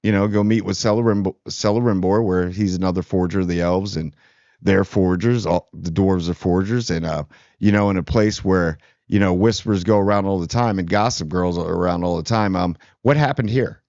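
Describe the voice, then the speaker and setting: A man's voice: low voice, fairly even intonation, normal speed, darkish tone, dry recording, muffled recording. A man hosting a casual TV spoiler review, rambling and sarcastic. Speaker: TV review channel host.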